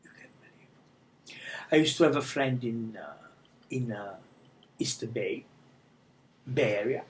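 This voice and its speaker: Slow, hushed-then-emphatic male storyteller. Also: mid-range voice, rough recording. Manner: non-native broken English, dramatic, drops to hushed whispers. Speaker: life coach telling his story. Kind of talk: live personal storytelling.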